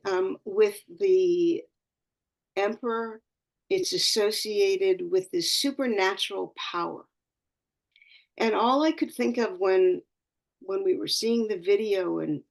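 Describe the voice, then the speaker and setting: Slow, gravelly-voiced woman astrologer. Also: medium pitch. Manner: searching, halting phrasing with many restarts; earnest and spiritual. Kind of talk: reflective talk on a community call.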